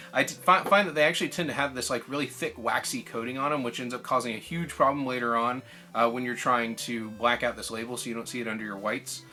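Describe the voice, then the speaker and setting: A man hosting a relaxed how-to tutorial, talking at a mid pitch and an unhurried, conversational pace. He is chatty and informal and often fills his pauses with ums and uhs. Faint guitar music plays underneath. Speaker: video channel host.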